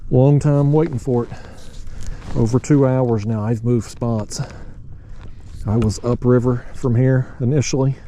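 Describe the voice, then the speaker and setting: Outdoorsman vlogger, warm relaxed mellow voice, drawling folksy chatter, faint outdoor noise behind. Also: medium pitch, unhurried, long pauses. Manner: folksy, drawling, talks to viewers as "y'all" and "buddy". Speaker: fishing vlogger. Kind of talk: casual narration to camera while fishing. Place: outdoors on a kayak on a river.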